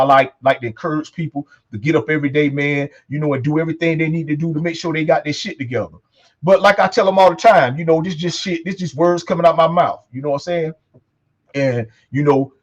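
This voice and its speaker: A man hosting a laid-back talk show, talking fast in a slightly high voice. He swears freely and keeps tossing in "man" and "you know what I'm saying.". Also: dull audio. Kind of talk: casual talk show chat.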